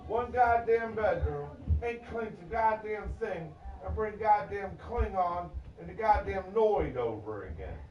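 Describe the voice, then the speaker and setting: A man's voice: sits high, very animated, a little slow, few pauses, slight background noise. Agitated man, profane disjointed rant, recorded far off in a roomy space. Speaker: vlogger. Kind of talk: angry rambling rant. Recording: echoey, distant, muffled.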